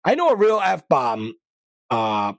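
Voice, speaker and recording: A man's voice: mid-range voice, wildly swooping pitch, takes it slowly, dry recording. A man hosting a podcast, chatting loosely through current events with rambling, opinionated asides and casual slang. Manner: mild profanity, casual slang. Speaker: podcast host. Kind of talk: casual news commentary podcast.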